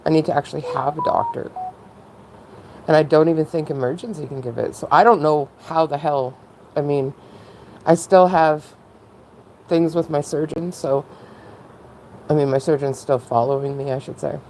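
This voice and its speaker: A woman's voice: low voice, fairly even intonation, normal speed, long pauses, a little mellow, a little hiss or hum, poor audio. A woman talking candidly in a casual, rambling personal monologue, often breaking into laughs. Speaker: vlogger.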